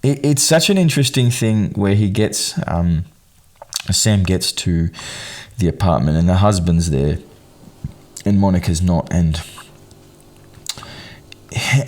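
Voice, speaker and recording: A man's voice: sits low, a little mellow. A man hosting a solo film commentary in a casual, rambling way, with many fillers and restarts and a wry, amused tone. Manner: wry, amused at the film's absurdities. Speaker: podcast host, film commentator.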